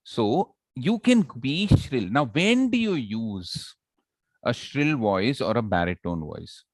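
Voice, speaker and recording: A man with an Indian English accent teaching public speaking in an online class, animated and asking the class for responses often. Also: mid-range voice, slow pace, dry recording. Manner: animated, audience check-ins.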